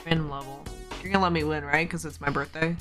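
A woman on a casual stream talks quietly into a desk mic, barely projecting. Her voice sits very low for a woman, with faint music behind her. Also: steady tone, fast talker. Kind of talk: casual live-stream chat. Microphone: desk mic on an arm.

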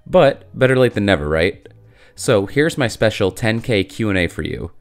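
A deep-voiced man in his thirties talking straight to his viewers in a loose, jokey vlog. His voice is rough and worn from being sick. He rambles a little and pokes fun at himself. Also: big pitch swings, moderate pace. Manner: chatty, self-deprecating, jokey. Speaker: YouTube channel host. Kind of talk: casual talking-head vlog.

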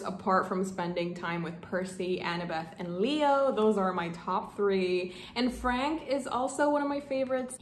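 A woman in her twenties chatting casually in a book vlog, gushing and excitable, often stumbling over her words. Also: mid-range voice. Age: 20s. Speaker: book vlogger. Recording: echoey room, faint background hum.

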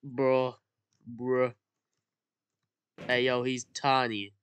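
A woman giving excitable gameplay commentary, swearing and yelling at the game. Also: rumbling low, drawn-out words. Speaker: gamer. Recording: loud background noise.

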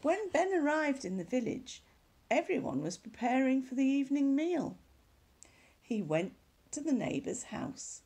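A woman reading a children's story aloud at church, animated, dropping to hushed whispered asides. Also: sits high, measured pace.

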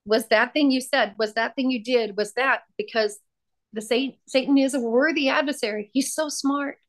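A woman's voice: sits high, moderate pace. A woman sharing her testimony as a podcast guest, fervent and emphatic, repeating key phrases for weight. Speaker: podcast guest, prayer ministry founder.

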